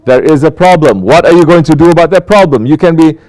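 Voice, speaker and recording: A man's voice: fairly high pitch, fast, darkish tone. Man preaching with pointed rhetorical questions. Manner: rhetorical questions, emphatic, mocking quoted apologies. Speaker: Sufi teacher. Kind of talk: sermon.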